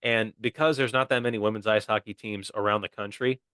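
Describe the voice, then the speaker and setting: Young American man, podcast co-host, bright tense tone, dry sound, playful banter. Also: on the low side, fairly even intonation, a little fast, smooth, dry recording. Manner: joking, playful, fond of silly voices. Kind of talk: casual comedy podcast chat.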